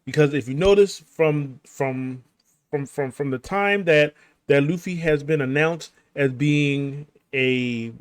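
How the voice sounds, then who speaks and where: A man's voice: on the high side, slow, smooth, dry recording. Rambling man with a dry close sound. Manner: rambling, filler-heavy, frequent restarts and chuckles. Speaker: gaming channel host recapping a manga chapter. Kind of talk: casual spoken recap over gameplay.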